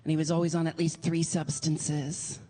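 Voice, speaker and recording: Animated self-mocking stand-up woman. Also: sits low, normal speed. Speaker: stand-up comedian. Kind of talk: stand-up comedy storytelling.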